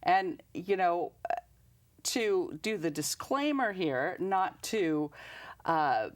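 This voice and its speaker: A woman's voice: lowish voice, animated, extremely slow. A woman hosting a talk show, affirming her guest and chiming in with agreement. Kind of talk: casual interview.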